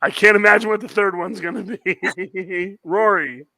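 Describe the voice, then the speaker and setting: A man from New Jersey hosting a comedy podcast, playful and quick to laugh. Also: high-pitched, vocal fry, sharp tone, no room sound. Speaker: host.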